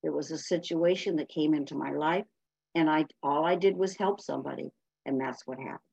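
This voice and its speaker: A woman's voice: deep voice, a little fast, gravelly, darkish tone, husky, no room sound, dull audio. A woman giving a blunt, emphatic personal share as a speaker at a recovery meeting.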